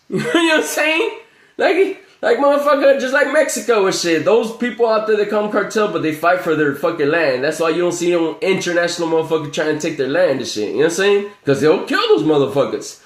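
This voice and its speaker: A man's voice: high-pitched, animated, fairly quick, echoey room. A man ranting on a livestream in a loose, profane way, often repeating the same filler phrase. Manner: profane, repetitive, keeps saying "you know what I'm saying". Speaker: livestream host. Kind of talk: rambling livestream rant.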